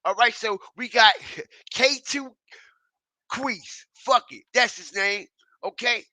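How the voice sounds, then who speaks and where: This man's voice is very high-pitched, pushed and bright, and he takes it slowly as he rants in an online commentary. Profane and mocking, he hammers his points repeatedly and keeps checking in with listeners. There's no room sound.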